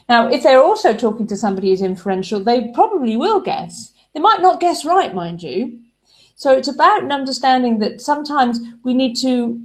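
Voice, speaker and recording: A woman's voice: on the high side, a little mellow. A woman giving a relationship advice talk, explaining ideas through everyday examples.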